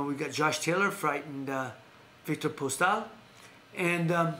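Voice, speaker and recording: A man's voice: on the high side, sharp tone, echoey room, slight background noise. A man hosting a live stream, talking boxing news in a loose, rambling way with frequent restarts and laughs. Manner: rambling, self-correcting, laughs often. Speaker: host. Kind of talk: casual boxing news chat.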